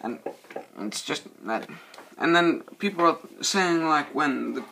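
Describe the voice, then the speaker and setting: A man's voice: on the high side, unhurried, vocal fry, slight background noise. A man doing a casual, rambling movie review, cursing a lot and losing his train of thought. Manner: profane, excitable, loses his train of thought.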